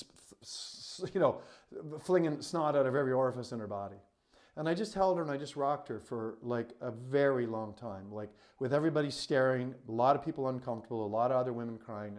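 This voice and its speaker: Man, coach, heartfelt personal storytelling, earnest, emphatic, medium pitch, filler-heavy. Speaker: coach and retreat facilitator.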